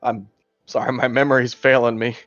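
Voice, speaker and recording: A man speaking in character at a tabletop game, friendly and halting. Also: medium pitch, little pitch movement, fairly bright tone. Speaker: player voicing his character. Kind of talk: tabletop role-play in character. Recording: dull sound, faint music behind.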